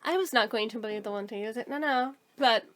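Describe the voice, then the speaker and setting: A woman telling a casual storytime monologue to camera, animated and exasperated, with frequent swearing. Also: fairly high pitch, a little fast, noisy background. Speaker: storytelling YouTuber.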